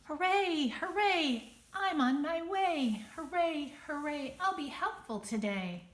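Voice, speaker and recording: A cheerful young male critter sings a bouncy chant in a high, bright voice, as a woman reading a storybook puts him on. The tune is eager and light. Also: animated, takes it slowly, roomy sound, exaggerated voice. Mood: cheery.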